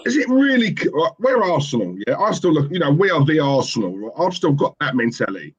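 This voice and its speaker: A man hosts a football fan stream and argues his point hard. His voice sits high and swings widely. It has a slightly husky edge. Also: sing-song, fast talker, dull audio. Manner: emphatic, keeps asking "right?". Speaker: fan show host. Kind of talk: casual football fan chat.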